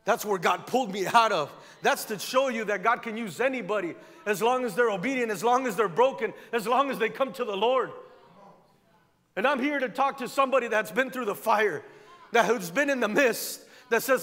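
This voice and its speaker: A man's voice: very high voice, normal speed, bright, forceful tone. A male pastor preaching a fervent sermon in a church, driving his points home by repeating phrases. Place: church sanctuary. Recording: long church hall reverb.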